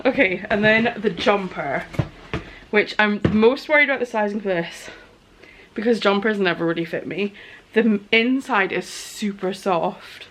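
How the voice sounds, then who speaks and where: Woman in her thirties, gushy excitable vlog chat about her little business, middling pitch, bit of faint hiss behind. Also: unhurried. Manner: gushing and excitable, chatty asides. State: out of breath in places. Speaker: small business owner, vlogger. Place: home studio office.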